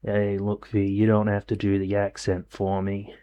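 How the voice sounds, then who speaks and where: A man voicing a blunt, crude mercenary, offhand and gruff. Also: fairly low pitch, completely flat delivery, normal speed, mellow, dry recording, natural voice. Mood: dry.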